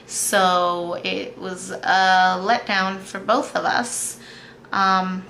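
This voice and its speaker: Slow, gravelly-voiced woman in her thirties. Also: mid-range voice, flat delivery, a little hiss or hum. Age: 30s. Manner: soft, halting, tearful-sounding talk with many pauses and fillers. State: emotional, on the verge of tears. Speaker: vlogger. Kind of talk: personal video diary.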